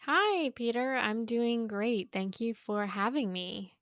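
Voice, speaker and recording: A woman's voice: on the high side, slow, a bit bright, dry recording, studio quality. A woman joining a podcast as a guest, chatting in a bubbly, giggly and slightly self-conscious way. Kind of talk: casual podcast chat.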